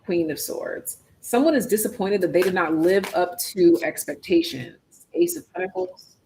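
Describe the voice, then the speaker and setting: A tarot reader giving a casual live-stream reading, chatty and slangy, thinking aloud and swinging between hushed asides and loud exclamations. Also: mid-range voice, lively intonation, normal speed, vocal fry, a little hiss or hum, poor audio.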